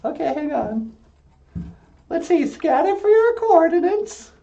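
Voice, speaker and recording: A man voicing a cheerful woman puppet, talking in a bubbly, high-pitched, giggly way. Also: big pitch swings, measured pace, gravelly, dark tone, far from the mic, full character voice. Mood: playful. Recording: echoey room, dull lo-fi sound.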